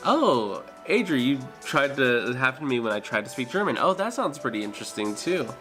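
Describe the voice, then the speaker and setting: A man's voice: medium pitch, animated, fast talker, sharp tone, soft background music. A man chatting casually with his stream viewers, hesitant and full of fillers and restarts. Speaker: streamer and dental worker.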